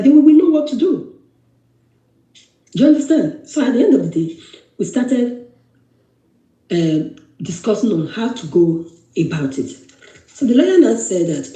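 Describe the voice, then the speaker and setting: A woman's voice: fairly low pitch, dark tone. A woman with a Nigerian English accent earnestly recounting her own story, repeating phrases and quoting dialogue as she goes. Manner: earnest, repetitive retelling with quoted dialogue. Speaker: guest telling her story. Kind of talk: personal testimony. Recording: echoey room.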